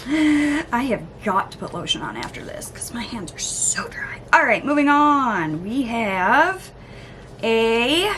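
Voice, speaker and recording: A woman vlogger chatting casually through an unboxing, gushing, gasping and cooing with excitement. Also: a little high, slight background noise. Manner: gushing, excitable, lots of gasps and oohs. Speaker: beauty vlogger.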